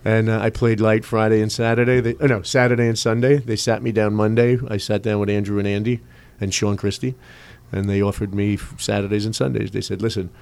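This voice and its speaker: A man telling a story on a casual podcast, quick, swearing, and acting out the lines people said to him. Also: lowish voice, level tone, creaky, darkish tone, clean tone. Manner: rapid, swearing anecdotes with quoted dialogue. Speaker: DJ guest.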